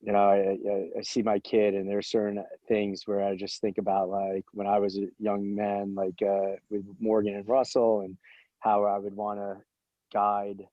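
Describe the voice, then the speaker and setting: Low flat dark-voiced young man. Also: normal speed, dry recording, muffled recording. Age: young adult. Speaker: old friend.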